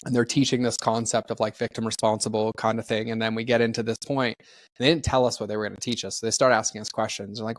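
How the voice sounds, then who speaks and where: A man's voice: lowish voice, little pitch movement, fast talker, dry recording. A middle-aged man, a personal development trainer, telling a candid story as a podcast guest and animatedly acting out quoted dialogue.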